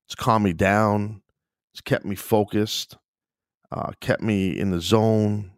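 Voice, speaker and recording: A man's voice: lowish voice, fairly even intonation, slow pace, no echo, studio quality. A man hosting his own podcast, talking in a frustrated, agitated way, swearing and sighing often. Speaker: podcast host. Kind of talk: casual solo podcast rant.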